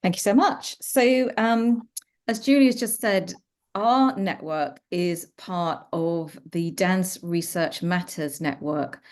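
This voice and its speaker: A middle-aged woman leading an online meeting from her office, speaking hesitantly with many pauses. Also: on the low side, a little mellow. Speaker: project lead and host. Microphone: video call.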